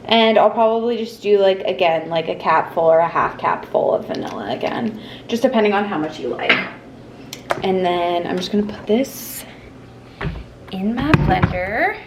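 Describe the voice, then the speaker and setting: A woman's voice: lowish voice, normal speed. Chatty young woman rambling in a kitchen. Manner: chatty, rambling, filler-heavy. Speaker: vlogger. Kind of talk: casual kitchen vlog chat. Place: home kitchen. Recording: noisy home recording.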